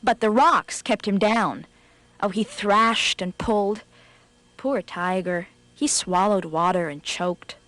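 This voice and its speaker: A woman narrating a children's storybook in a scripted, expressive read, slowing for effect. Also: mid-range voice.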